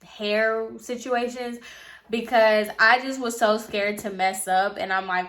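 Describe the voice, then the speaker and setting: Young woman hairstylist doing a storytime, crisp bright voice, says like a lot, mid pitch. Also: fairly even intonation, moderate pace. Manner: chatty, filler-heavy with frequent "like". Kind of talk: casual storytime.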